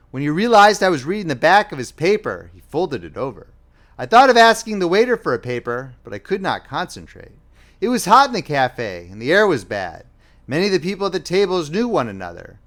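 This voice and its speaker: A man reading a novel aloud as an audiobook narrator, in a plain, measured first-person style. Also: on the high side, fairly bright tone.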